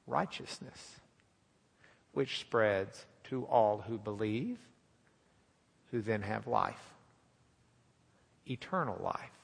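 A man preaching a sermon in a folksy, animated, joking way in a church sanctuary. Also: on the low side, creaky, slightly rough, big-room sound.

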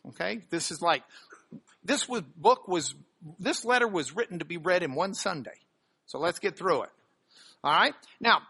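Preacher teaching from the bible, unhurried, lots of swing in the voice, punches key words. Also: medium pitch, sharp tone. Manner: emphatic, leans hard on key words; sounds out Greek words slowly. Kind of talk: expository sermon with scripture reading.

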